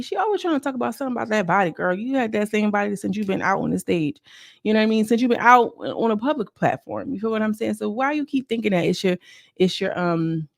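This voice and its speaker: A woman recaps a reality episode in a loose, chatty way, throwing in slangy asides to her viewers. Her voice has a gravelly fry and sits at an ordinary pitch. The sound is dry and close. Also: lively intonation, fast talker, no echo. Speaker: reality TV reviewer. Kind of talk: casual recap commentary.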